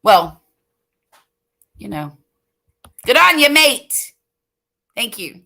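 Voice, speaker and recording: An older woman from the US Gulf Coast hosts a late-night livestream from home, chatting slowly and rambling, laughing easily as she reads viewer comments. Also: a little high, sing-song, creaky, sharp tone. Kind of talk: casual chat reading viewer comments.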